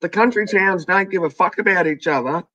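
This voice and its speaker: Blunt, forceful Australian woman telling stories. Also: lowish voice, a little fast, no echo, highs cut off. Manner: blunt, heavy swearing, acts out other people's voices. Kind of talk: casual storytelling chat.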